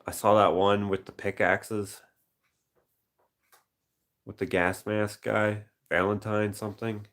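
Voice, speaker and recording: A man chatting casually to a live-stream audience, his voice sitting very low with a gravelly fry. He muses aloud over viewer suggestions and now and then slips into quick movie-quote voices. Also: monotone, a bit bright. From Canada. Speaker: painter reading viewer suggestions.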